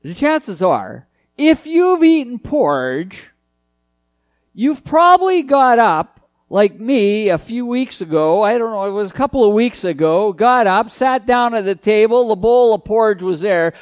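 Male preacher, high voice, dry close sound, earnest and emphatic. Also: lively intonation, unhurried, no echo. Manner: earnest, emphatic preaching with repeated key phrases. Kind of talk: sermon.

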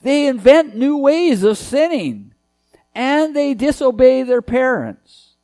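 High-voiced man preaching slowly. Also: big pitch swings, a little mellow, no echo, faint music behind. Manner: earnest, emphatic preaching with repeated key phrases. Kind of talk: sermon.

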